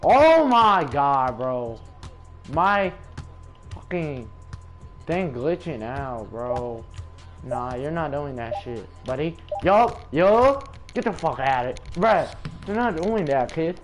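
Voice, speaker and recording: Gamer dude trash talking and cussing while he plays, kinda high voice, slow, some music in the back. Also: sing-song. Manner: trash-talking, cursing, frustrated. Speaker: gaming content creator. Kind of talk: live gameplay commentary.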